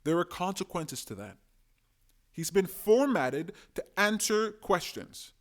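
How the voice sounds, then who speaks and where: A young man talks through his opinions in a casual solo monologue, emphatic and animated, with a fairly high-pitched voice. He sometimes slips into quick impressions of the people he describes. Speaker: political commentator.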